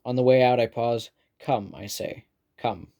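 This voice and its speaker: A man reading a first-person novel aloud with steady storytelling delivery. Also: medium pitch, brisk, clear, resonant tone. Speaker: audiobook narrator. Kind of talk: scripted first-person narration.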